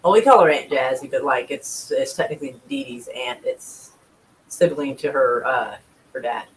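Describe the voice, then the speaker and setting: A man's voice: medium pitch, very animated, normal speed, low-quality recording. A man chatting casually and at length, rambling and swearing freely. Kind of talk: casual chat.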